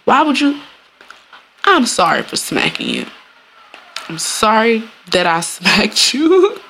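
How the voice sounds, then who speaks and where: A woman's voice: mid-range voice, big pitch swings, slow pace, vocal fry, pushed and bright, slight background noise. A woman, hosting a casual solo podcast, talking bluntly and profanely, laughing often and acting out quoted voices. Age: 30s. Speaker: podcast host.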